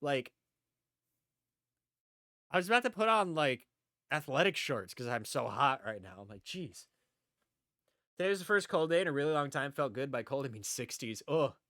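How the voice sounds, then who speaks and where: Chatty, bright-voiced male streamer. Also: medium pitch, very animated, a little fast, pauses often, no room sound, clean studio sound. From upstate New York. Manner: rambling, chatty, repeats himself. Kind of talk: casual live-stream chat.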